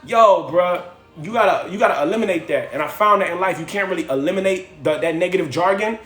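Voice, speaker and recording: A man with a high, quick voice preaches motivation to his livestream viewers in loose slang, repeating lines to drive them home. He talks in a roomy, echoey space at home with faint music under him. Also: a bit bright. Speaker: livestream host.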